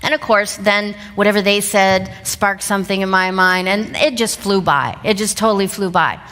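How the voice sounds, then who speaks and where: A woman in her fifties giving a motivational talk on stage, an animated storyteller who laughs often. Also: medium pitch, normal speed, long reverb tail. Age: 50s. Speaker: seminar speaker. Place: stage in a large event hall. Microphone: lapel mic.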